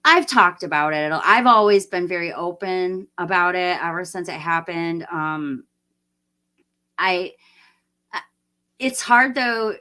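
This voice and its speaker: A woman in her late forties with a fairly low, pushed and bright voice hosts a casual livestream. She rambles and laughs a lot while answering viewer comments.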